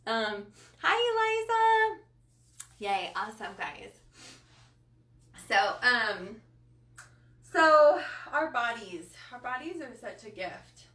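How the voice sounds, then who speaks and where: A woman with a bright, fairly high voice speaks passionately to her live-stream viewers, often close to tears and full of fillers. The sound is roomy and comes from slightly off the mic. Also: sing-song, slow, long pauses, recorded from a distance. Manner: passionate and emotional, with many fillers. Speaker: coach hosting a live body-image training.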